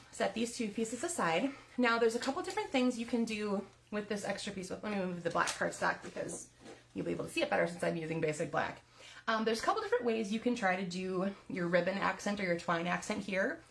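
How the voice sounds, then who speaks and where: A woman's voice: fairly low pitch, creaky, fairly bright tone. A woman leading a live card-making tutorial, chatty and step-by-step, sometimes laughing at her own slips.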